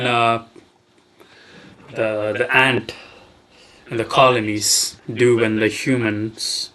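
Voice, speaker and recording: A young man from Tamil Nadu chatting on a live coding stream. He speaks slowly and grumbles to himself, swearing often. His talk is loose and casual. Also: medium pitch, fairly bright tone, rough recording. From Tamil Nadu, India. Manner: frustrated muttering, heavy swearing. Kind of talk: casual livestream chat while coding.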